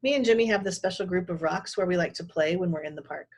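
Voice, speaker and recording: A woman teacher reading a children's chapter book aloud in an expressive, animated way. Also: on the low side, fast talker. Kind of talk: storybook read-aloud.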